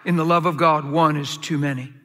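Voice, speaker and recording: A man preaching a sermon as a pastor, emphatic and given to sudden high, excited bursts. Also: fairly quick, big-room sound, background noise.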